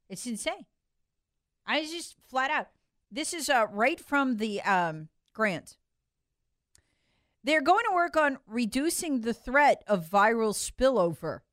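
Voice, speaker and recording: A woman hosting an opinion monologue, sarcastic, swinging from loud outbursts to muttered asides and mocking voices. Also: fairly high pitch, dry recording, studio quality. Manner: acts out mocking voices of others. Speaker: political commentary host.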